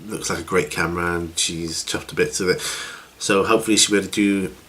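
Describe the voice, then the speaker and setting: A man's voice: deep voice, fairly even intonation, fast talker, sharp tone, slight background noise. A middle-aged man chatting casually on his hobby channel, rambling with lots of fillers and restarts. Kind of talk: casual chat.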